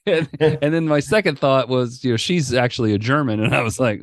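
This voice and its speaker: A man's voice: medium pitch, a little fast, no room sound, clean studio sound. A middle-aged man, a stand-up comedian, telling stories as a guest in a casual, profane interview chat. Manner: profane, animated storyteller.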